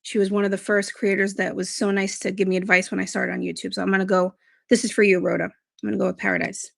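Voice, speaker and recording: A woman chats casually on a beauty livestream and reads out viewer comments as she goes. She rambles in a relaxed way. Her mid-range voice has a gravelly, fried edge. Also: medium pitch, fast talker, dry recording, studio quality. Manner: chatty and rambling. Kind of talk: casual live-stream chat, reading viewer comments.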